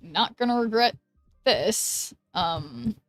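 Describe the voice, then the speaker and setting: Streaming a game, an American woman from the United States speaks in a fairly high, animated voice at a slow pace. She giggles, chats casually, and trails off with ums, captured dry and close with no echo and faint music behind.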